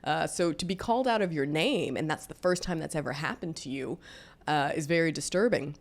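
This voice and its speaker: A woman in her forties tells a personal story with a low, deep-set voice. She talks candidly and conversationally, with plenty of fillers along the way. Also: fairly quick. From Deep South, US. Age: 40s. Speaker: vlogger.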